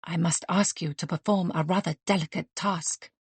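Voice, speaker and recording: A woman's voice: fairly low pitch, fairly even intonation, breathy edge, dry recording. A woman voicing a willowy, courtly male restaurant manager who speaks in a formal, decorous way. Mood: grave. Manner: formal, decorous, measured speech.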